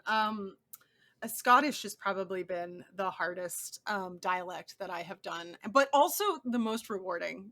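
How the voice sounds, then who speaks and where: A young woman chatting as an interview guest, enthusiastic and quick to laugh, with many restarts. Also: mid-range voice, fairly bright tone. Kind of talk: casual interview chat.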